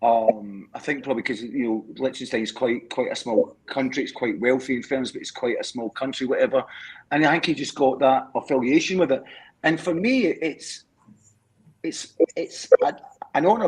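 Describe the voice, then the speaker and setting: This husky, mid-range male voice moves at a moderate pace over a rough recording. A Scotsman on a live stream call, he chats casually, rambling through stories, repeating himself, and checking in with "do you know what I mean".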